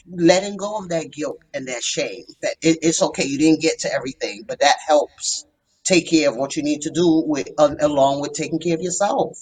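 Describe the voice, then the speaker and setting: A woman's voice: deep voice, darkish tone, slightly rough, poor audio. A woman therapist telling her story as a podcast guest, earnest and emphatic. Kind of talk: podcast interview.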